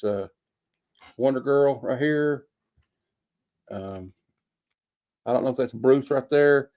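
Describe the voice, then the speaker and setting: A man talks through a comic book in a loose, chatty way, pausing often with fillers as he thinks. His voice sits in an ordinary middle range, and he leans on folksy sayings. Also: mid-range voice, darkish tone. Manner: rambling, hesitant with many fillers. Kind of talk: casual comic review.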